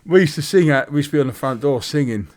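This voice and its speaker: A man's voice: medium pitch, lively intonation, fast talker, a little mellow. A man, co-hosting a podcast in casual chat, rambling through stories with many restarts and side tracks. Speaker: podcast co-host.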